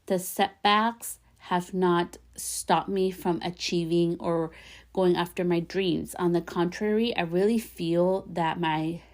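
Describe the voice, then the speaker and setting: A woman hosting her own podcast, talking earnestly and encouragingly straight to the listener, repeating gentle affirmations. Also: lowish voice, fairly even intonation, slow. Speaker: podcast host. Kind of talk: heartfelt solo podcast talk.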